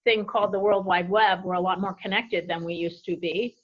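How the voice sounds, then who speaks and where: A woman's voice: mid-range voice, a little fast. A woman running an apparel company, telling business stories in a conversational interview and acting out quoted voices along the way. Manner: animated anecdotes with lively quoted voices. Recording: dull lo-fi audio.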